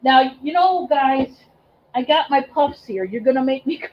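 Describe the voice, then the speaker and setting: A high-voiced woman hosting a livestream, chatting with her viewers in a warm, gushing way. She talks haltingly, full of ums and restarts. The sound is a bit dull and lo-fi. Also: expressive. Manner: emotional, effusive, thanks chat by name. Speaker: livestream host and reseller. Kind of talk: casual livestream chat.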